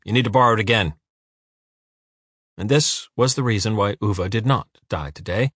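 A man narrating an audiobook in a measured, even storytelling voice. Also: mid-range voice, no room sound, clean studio sound. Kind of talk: scripted narration.

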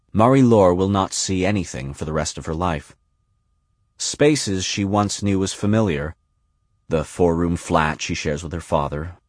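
Homme à la voix très grave, narration littéraire posée, son sec et proche. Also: male voice, deep voice, no room sound, studio quality. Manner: measured, unhurried and deliberate. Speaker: audiobook narrator. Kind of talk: scripted literary narration.

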